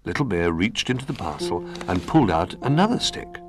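A man narrating a children's storybook in a gentle, expressive manner. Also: low voice, brisk, faint music behind.

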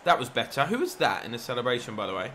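An excitable young man narrates his football game as he plays, talking straight to his viewers. His voice is bright and forward, and it jumps up to shouts when a chance comes. A faint hum of game sound sits behind him. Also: mid-range voice, rapid-fire. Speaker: gaming YouTuber. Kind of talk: live gameplay commentary.

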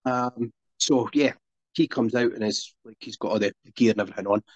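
A middle-pitched Scottish man in his forties recounts stories in a loose, rambling podcast chat and keeps restarting his sentences. The audio is muffled and lo-fi, with a dry sound and no room echo. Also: a little fast, a little mellow. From Scotland. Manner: rambling anecdotal storyteller with many restarts. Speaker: wrestler guest. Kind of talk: casual podcast interview storytelling.

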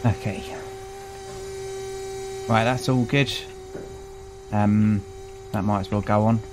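A man's voice: on the low side, fairly even intonation, measured pace, background noise. A British man casually commentating a gameplay video, chatty and wry, greeting the characters he meets as he plays. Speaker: gaming channel host. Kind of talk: casual let's-play commentary.

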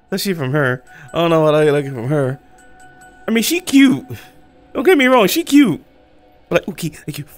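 A man streaming a horror game, talking to himself in casual commentary, swearing and jumping to a high squeal when startled. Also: lively intonation, normal speed, pauses often, soft background music. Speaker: gaming streamer.

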